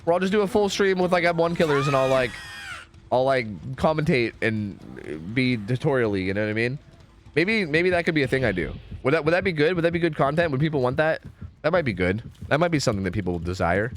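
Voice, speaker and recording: A man's voice: mid-range voice, expressive, quick pace, a little hiss or hum. A young American man chatting casually and profanely while streaming a game, reading chat aloud.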